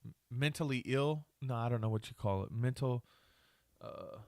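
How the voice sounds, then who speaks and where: A man's voice: medium pitch, moderate pace, darkish tone, dry recording, clean studio sound. A man hosting a podcast, ranting angrily and swearing a lot, trailing off and restarting his sentences. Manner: angry, profane ranting with rambling restarts. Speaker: podcast host. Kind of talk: solo podcast rant.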